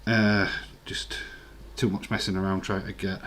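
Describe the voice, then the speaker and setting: A man's voice: sits low, little pitch movement, moderate pace, a bit bright, a little hiss or hum. A man in his forties hosts a live watch-along stream. He chats casually, reads viewer comments aloud and rambles with filler words.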